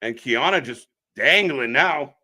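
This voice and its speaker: A man with a bright, forceful voice gives casual live wrestling commentary on a stream. He chats with viewers and breaks into loud reactions at big moments. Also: mid-range voice, animated, a little slow. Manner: chatty, reacts loudly to the action.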